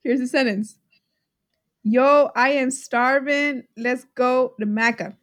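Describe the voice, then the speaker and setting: A young woman from Texas co-hosting a podcast in casual chat, joking and quick to laugh. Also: high voice. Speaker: podcast co-host.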